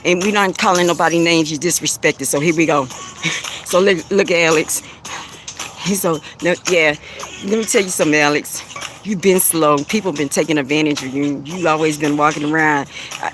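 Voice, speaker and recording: A man hosting a live stream with speech, bluntly taunting commenters, laughing often and repeating himself. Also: a little high. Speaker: live stream host giving spiritual readings. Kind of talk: casual live-stream talk addressing commenters.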